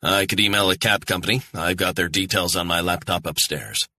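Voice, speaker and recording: A man's voice: low voice, fairly even intonation, brisk, sharp tone, no echo, full character voice. Man playing a laconic American operative. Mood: guarded. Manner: terse, understated replies. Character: wary American male operative, laconic, calm.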